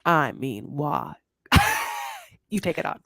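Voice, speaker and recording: Lively woman telling a dramatic recap. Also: fairly low pitch, takes it slowly, breathy edge, no echo. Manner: lively storyteller, dramatic asides. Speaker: podcast co-host. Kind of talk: casual reality-TV recap chat.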